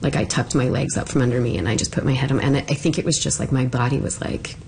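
A middle-aged woman telling a personal story in a casual, halting way with many fillers. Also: extremely low pitch, steady tone, gravelly, darkish tone, slight background noise. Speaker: interviewee.

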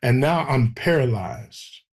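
A man telling a personal story in an animated way, acting out the voices of the people in it. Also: medium pitch, slow, breathy edge. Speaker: guest telling his testimony.

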